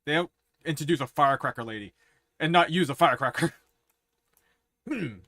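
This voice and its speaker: A man's voice: a little high, brisk, pushed and bright, no room sound, studio quality. A man streaming, chatting and musing aloud as he plays through a courtroom game. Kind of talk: casual game commentary. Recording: game music behind.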